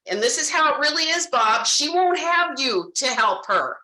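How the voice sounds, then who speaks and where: Bright-voiced woman coaching sales, roomy echo. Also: sits high, normal speed, hardly any pauses. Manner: animated, direct, addresses audience as "guys". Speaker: insurance sales trainer. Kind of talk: sales training talk with role-played client dialogue.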